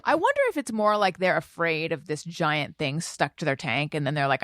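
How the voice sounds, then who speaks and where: A woman co-hosting a podcast in casual chat, animated and quick with jokes. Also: low-pitched, no room sound, clean studio sound. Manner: animated, laughing, quick asides. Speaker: podcast co-host.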